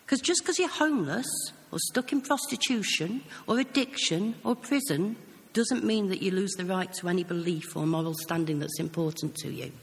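A preacher with a British accent giving an earnest sermon, telling stories in a conversational way. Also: medium pitch. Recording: long hall reverb.

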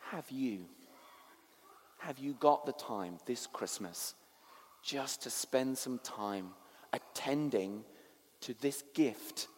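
A man preaching a sermon as pastor, telling a story that swings between hushed and animated. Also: mid-range voice, takes it slowly, long pauses, in a large hall.

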